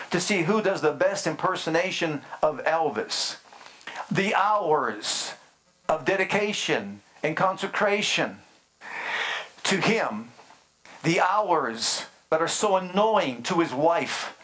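Male pastor, middle-aged, slightly high voice; deliberate, drawn-out sermon delivery with questions to the flock. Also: expressive, a bit bright. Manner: emphatic preaching with slow drawn-out phrases and rhetorical questions.

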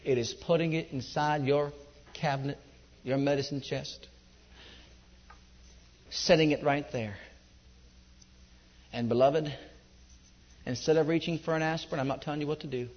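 A middle-aged man preaching a sermon, telling his own testimony with passion, moving between loud, high outbursts and low, hushed stretches. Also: steady tone, moderate pace, long pauses. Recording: dull echoey hall recording.

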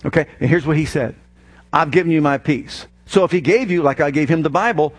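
A man preaching a sermon as pastor from the pulpit, animated, with mocking asides. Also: fairly high pitch, moderate pace. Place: church.

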